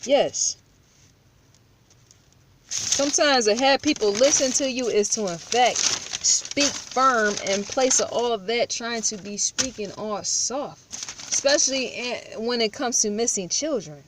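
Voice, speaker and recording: A woman's voice: a little high, takes it slowly, background noise. A woman giving firm, blunt true-crime vlog commentary, full of rhetorical questions and repetition. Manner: rhetorical questions, repeats herself.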